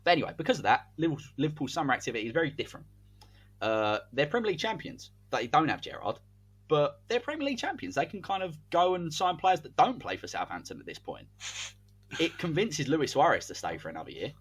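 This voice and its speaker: A man co-hosting a podcast, telling a made-up sports story in animated, commentary-like casual chat. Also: a little high, quick pace, husky. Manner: animated, spins a hypothetical tale like match commentary. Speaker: podcast co-host.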